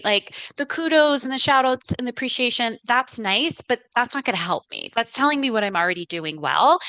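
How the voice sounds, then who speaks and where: A woman's voice: fairly high pitch, pushed and bright, dry recording, low-quality recording. A woman leadership coach, a podcast guest, talking earnestly and emphatically in a casual interview.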